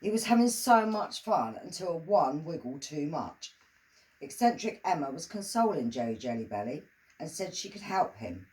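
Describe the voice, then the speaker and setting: Casting: woman storyteller, lower voice, very animated reading of a crude rhyming tale. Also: normal speed, rough recording. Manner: lively, sing-song storytelling with crude humor. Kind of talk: reading her own comic rhyming story.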